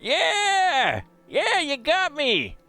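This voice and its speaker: A man's voice: sits high, very animated, a little slow, bright, forceful tone, faint music behind, voice pushed up, heavily acted. A man voicing a grizzled old gold prospector with a twangy, folksy drawl. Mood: gleeful.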